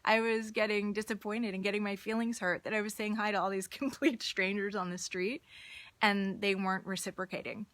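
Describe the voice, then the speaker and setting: An earnest woman talks straight to her viewers in a casual, encouraging tone. She tells personal stories at an easy pace, her pitch sitting in an ordinary middle range, and she often repeats a word as she restarts a thought. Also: fairly even intonation, a little fast, no room sound. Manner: earnest, warm-hearted, restarts words, storytelling. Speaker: motivational speaker hosting a live stream. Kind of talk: casual motivational talk.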